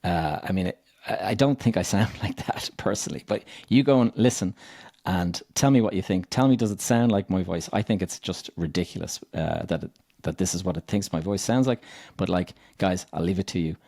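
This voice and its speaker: A man with a lowish voice hosts a podcast and talks straight to his listeners, calling them guys. His tone is relaxed and chatty. The sound is close and dry. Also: a little fast, creaky, hardly any pauses, no room sound. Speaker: podcast host. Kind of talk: casual podcast talk.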